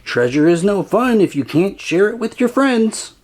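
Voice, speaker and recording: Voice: medium pitch, big pitch swings, moderate pace, a little mellow, voice pushed up. A reader voicing a friendly toad in a children's storybook, hearty and welcoming. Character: friendly toad buddy with treasure.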